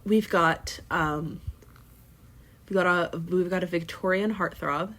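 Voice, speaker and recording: A woman's voice: on the low side, slow, fairly bright tone. A woman co-hosting a podcast in casual chat, rambling with many fillers and restarts. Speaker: podcast co-host.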